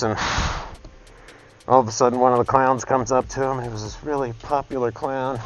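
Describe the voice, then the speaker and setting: A man's voice: medium pitch, slight background noise, rough recording. A man telling a long joke in a loose, casual way, full of fillers and self-corrections, while he paints. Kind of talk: rambling casual storytelling.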